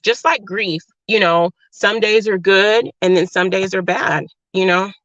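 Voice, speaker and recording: A woman chatting casually on a livestream, reading viewer comments in a warm, affectionate, emotional way. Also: mid-range voice, steady tone, measured pace, dry recording. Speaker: livestream host. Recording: dry, slightly dull lo-fi sound.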